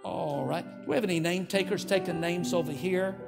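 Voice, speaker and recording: A man's voice: sits high, fairly quick, creaky, loud music behind the voice. Older male pastor giving an altar call. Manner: earnest, leads prayer, coaxing invitation. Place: church sanctuary.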